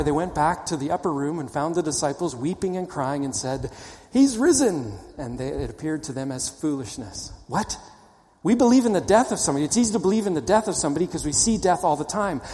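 A male pastor preaching a sermon, swinging from loud animated storytelling to hushed, low emphasis. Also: long reverb tail.

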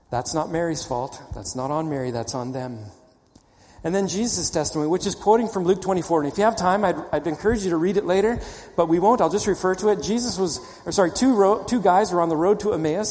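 A male pastor delivers a sermon with a somewhat high-pitched voice. He swings between animated, loud storytelling and hushed, low emphasis. The sound carries a long, roomy hall reverb.

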